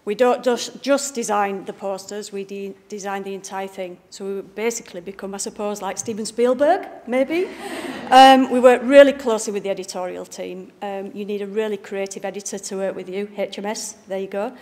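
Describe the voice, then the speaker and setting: Speaking at a moderate pace with few pauses, a woman with a mid-range, slightly mellow voice gives a chatty, jokey talk. She is a picture book art director from Bradford, northern England, with a Northern English accent, presenting an informal public lecture to a live audience in a library event room.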